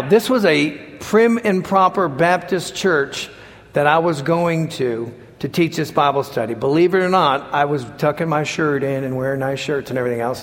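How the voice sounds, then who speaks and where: Animated preacher in an echoing hall. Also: male voice, fairly high pitch. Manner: animated storytelling, acts out quotes and shouts. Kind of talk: sermon. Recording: long hall reverb.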